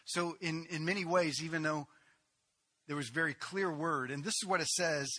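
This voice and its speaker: A man preaching a sermon, telling a story with animated storytelling and acting out the quotes as he goes. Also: fairly high pitch, moderate pace. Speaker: pastor.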